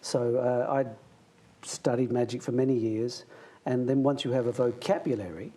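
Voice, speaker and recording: A man's voice: medium pitch, fairly even intonation, normal speed, mellow. A middle-aged Australian man from Adelaide, a magician guest, chatting casually and laughing through his anecdotes. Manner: playful, laughs while telling anecdotes. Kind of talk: casual chat.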